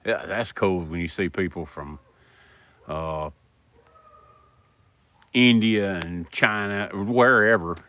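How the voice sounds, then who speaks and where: A middle-aged man from South Carolina with a thick Southern drawl and a very deep voice. He rambles in a folksy, homespun way while chatting to his live-stream viewers outdoors by a fire at night, with dogs around him. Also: slow, long pauses, pushed and bright. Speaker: livestream host. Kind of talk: casual live stream chat.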